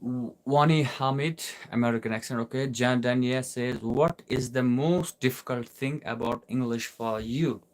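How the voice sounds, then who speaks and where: A man's voice: mid-range voice, normal speed. A young man from Kashmir with an Indian accent, an English teacher answering viewer questions in a live class, explaining with repeated rhetorical questions.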